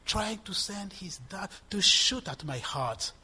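A man around sixty preaching a sermon in an emphatic manner, repeating words for stress and swinging between loud and soft. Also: high voice, lively intonation, slow pace, breathy edge. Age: 60s. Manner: emphatic, rising and dropping in volume, repeating for stress.

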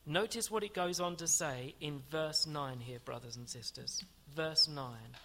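A man preaching with an earnest, searching tone, his voice sitting a little high for a man. He poses rhetorical questions to the congregation and reads aloud from a commentary. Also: unhurried, heavy background noise. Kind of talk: sermon.

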